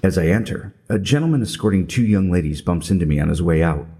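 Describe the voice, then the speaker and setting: A man's voice: low-pitched, animated, quick pace, warm tone. A middle-aged man telling a scripted comedic story in a wry, self-mocking way. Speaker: podcast narrator.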